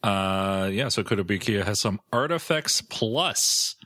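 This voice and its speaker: A man's voice: on the low side, lively intonation, measured pace, bright, forceful tone, dry recording. A man hosting a casual podcast chat, laid-back and dry in his teasing. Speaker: podcast host.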